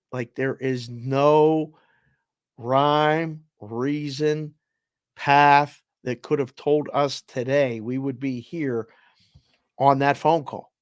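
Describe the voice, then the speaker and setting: A man at a middle pitch talks on a podcast in a dry, close recording. He reflects with emotion, his sentences often trailing off or restarting. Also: dry recording. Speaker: co-host. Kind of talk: casual podcast chat.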